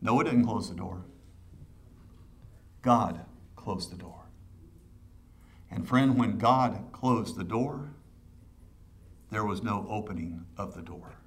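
A pastor delivering a sermon, addressing the congregation directly with urgent rhetorical questions and building to loud, fervent passages. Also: male voice, fairly low pitch, slow, long pauses. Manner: impassioned preaching that swells loud and urgent.

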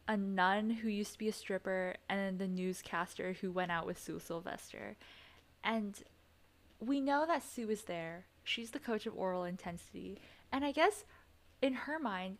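Young woman, exasperated, swears, laughs a lot, casual podcast chat. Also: mid-range voice. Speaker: podcast co-host.

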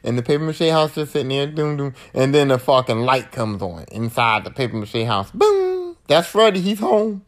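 A man's voice: medium pitch, animated, brisk, few pauses. A man hosting a podcast, recapping horror movies in a slangy, profane, rambling way. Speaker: podcast host.

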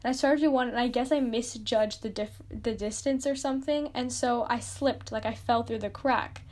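A woman's voice: on the high side, moderate pace, a little mellow. A young woman hosting a podcast, telling a story in casual chat, self-mocking and full of "like". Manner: chatty, lots of "like", self-mocking. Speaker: podcast host.

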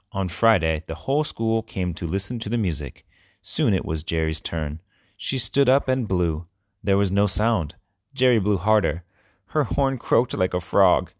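Deep-voiced man reading storybooks. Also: no echo, clean studio sound. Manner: clear, expressive storybook reading. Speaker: reader. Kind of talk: reading children's stories aloud.

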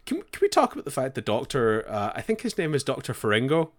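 A man talks casually with a co-host as they recap a show. He is animated and swears freely, breaking into quick impressions of the characters. His voice sits at an ordinary middle pitch. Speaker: podcast co-host.

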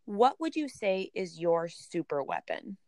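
A woman's voice: medium pitch, very animated, a little slow, creaky, dark tone, no room sound. A woman with a Minnesotan accent hosting a podcast, upbeat and affirming, with a self-deprecating streak. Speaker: podcast host. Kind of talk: podcast interview.

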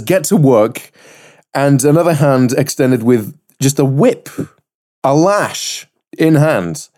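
A man co-hosting a podcast in casual chat, animated and rambling, swearing freely. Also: medium pitch. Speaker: podcast co-host.

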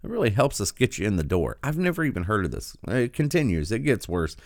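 Sarcastic low-voiced male commentator. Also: big pitch swings, fast, no echo, clean studio sound. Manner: sarcastic, incredulous, interrupting. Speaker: commentator reacting to a video.

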